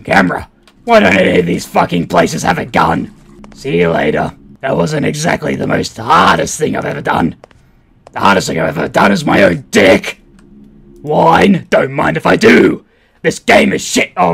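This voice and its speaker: Gravelly dude swearing nonstop over a horror game, voice jumps all over the place, bit of hiss behind. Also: male voice, on the high side. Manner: crude, loud, profane joking. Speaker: gaming channel host. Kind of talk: let's play commentary.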